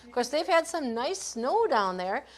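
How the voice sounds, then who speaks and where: A woman's voice: sits high, unhurried. Woman from Minnesota calling a race finish. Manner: steady name-by-name calling with brief praise. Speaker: finish-line race announcer. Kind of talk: live race-call announcing.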